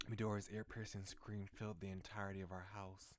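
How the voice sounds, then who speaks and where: A male streamer reading a dark visual novel aloud in a slow, soft-spoken, dramatic way, with his own commentary. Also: sits low, flat delivery, slight background noise. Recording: background music under voice.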